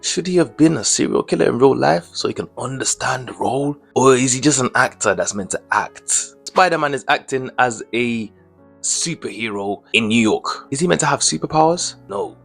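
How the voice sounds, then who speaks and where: A man's voice: medium pitch, lively intonation, moderate pace, creaky, a bit bright, slightly rough, faint music behind. A young man giving casual commentary as a vlogger, indignant and slangy, firing off rhetorical questions.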